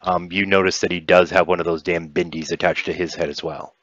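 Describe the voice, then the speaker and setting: Man, game master, deep voice, hesitant, dull dry lo-fi recording. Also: steady tone, brisk, a bit bright, no echo. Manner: hesitant, many restarts. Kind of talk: narrating a tabletop game.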